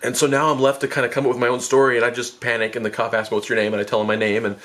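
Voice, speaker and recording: A young man telling a story in a casual vlog, rambling and self-mocking, full of fillers and restarts, jumping into high panicky bursts when he acts out his past self. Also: level tone, racing, a bit bright.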